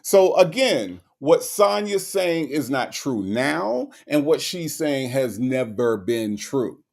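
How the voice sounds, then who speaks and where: A man's voice: medium pitch, sing-song, slow pace, gravelly, darkish tone. A man hosting a live stream, talking to his chat in an emphatic, sarcastic, repetitive rant. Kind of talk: casual commentary to chat.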